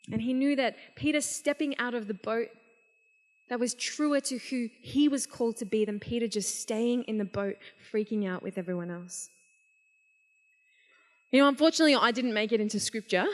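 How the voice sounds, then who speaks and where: A young woman giving a casual, energetic sermon to a youth conference. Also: a little high. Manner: energetic, casual, animated storytelling. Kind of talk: live youth sermon storytelling. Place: large event hall. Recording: long reverb of a large hall.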